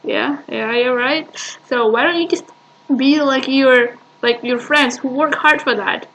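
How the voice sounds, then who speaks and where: Woman doing reaction commentary, high bright voice, slow and hesitant, lots of um and like. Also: highs cut off, a little hiss or hum. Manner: hesitant, dismissive, many fillers. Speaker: reaction video host.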